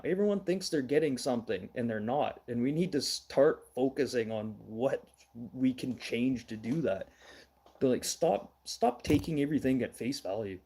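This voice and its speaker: A man's voice: on the high side, warm tone, husky. A middle-aged man from Manitoba, hosting a casual livestream news show, blunt and ranting, swearing now and then. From Manitoba, Canada.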